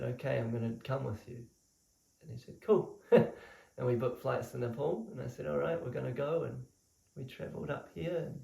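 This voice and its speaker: A young man casually telling the story of his spiritual initiation, animated and laughing often as he talks. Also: mid-range voice, creaky. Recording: roomy echo, mic at a distance.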